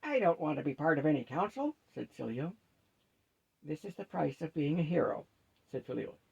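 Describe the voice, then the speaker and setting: A man reading a fantasy novel aloud at a steady, unhurried pace, lightly shifting his pitch for each character. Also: vocal fry, husky, lo-fi sound. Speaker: storyteller.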